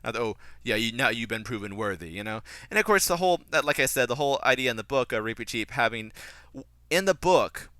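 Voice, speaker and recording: A young man gives a casual film commentary with a critical, animated edge. His voice is bright and smooth, recorded close and dry. He talks loosely, with frequent restarts and fillers. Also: medium pitch, fairly quick, no echo. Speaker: podcast host reviewing a film.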